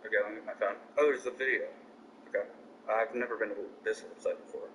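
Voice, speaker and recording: A man's voice: fairly low pitch, fairly even intonation, quick pace, noisy background. A man giving joking, rambling, sarcastic commentary as he streams a game. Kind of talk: gaming commentary. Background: music.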